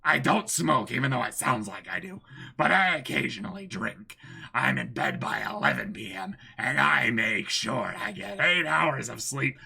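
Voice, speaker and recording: Yoshikage Kira, a man doing a calm villain's monologue. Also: mid-range voice, vocal fry, slightly rough, full character voice. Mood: composed. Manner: measured, orderly monologue. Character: calm, fussy adult male villain introducing himself.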